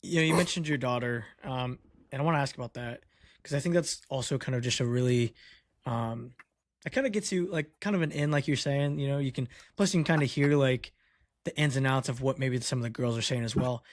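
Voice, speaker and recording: Halting man podcast host, dry sound. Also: mid-range voice, no room sound. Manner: halting, hedging, heavy fillers. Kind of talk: podcast interview question.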